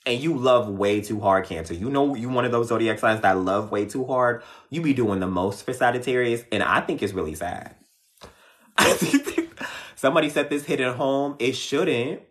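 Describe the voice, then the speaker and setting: A man's voice: medium pitch, brisk, hardly any pauses. A man doing a casual live astrology reading, talking straight to his listeners in a sassy, teasing way. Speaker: astrology reader.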